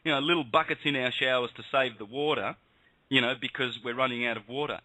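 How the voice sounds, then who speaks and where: Male radio host, fired-up and insistent, bright forceful tone, dry close mic. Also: medium pitch, fairly even intonation, brisk, dry recording, poor audio. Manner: impassioned, emphatic ranting. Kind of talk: heated call-in radio talk.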